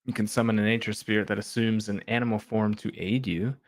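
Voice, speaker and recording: A man co-hosting a podcast chats casually about tabletop game rules, reading them aloud plainly in an easygoing way. His voice is lowish and brisk with fairly even intonation, and there's no room sound.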